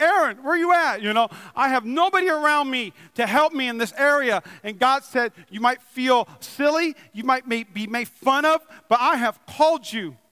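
High, bright-voiced excitable preacher man. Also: clean tone, no room sound, long reverb tail. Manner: excitable, rising to loud emphatic bursts then easing into chatty storytelling. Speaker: pastor. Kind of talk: sermon. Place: church building. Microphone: wearing a microphone.

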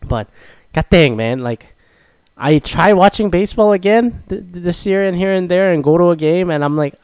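A man's voice: high-pitched, expressive, normal speed, no room sound. A young man from Korea, hosting a casual solo talk and ranting profanely with self-mocking asides. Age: young adult.

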